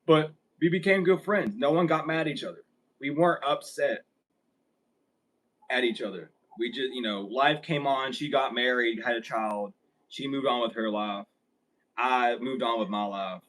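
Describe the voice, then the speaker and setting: A man's voice: medium pitch, a little slow, pauses often, fairly bright tone, low-quality recording. A young man vlogging a casual story. He rambles, swears freely and laughs often as he talks.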